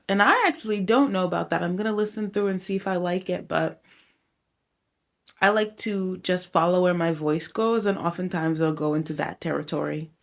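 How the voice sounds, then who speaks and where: A woman's voice: mid-range voice, gravelly. A chatty woman in a home recording setup talks the camera through her process. She rambles freely and peppers her talk with "y'all" and "like." Now and then she sounds a little winded from singing. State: a little out of breath at times. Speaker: songwriter and home producer. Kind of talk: casual vlog talk to camera.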